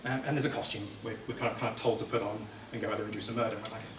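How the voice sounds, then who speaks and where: A man presenting a convention panel, recapping a game in an excitable, laughing, swear-heavy way and acting out characters' lines. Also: fairly low pitch, very fast. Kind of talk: animated comedic recap. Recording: echoey hall, distant mic, noisy.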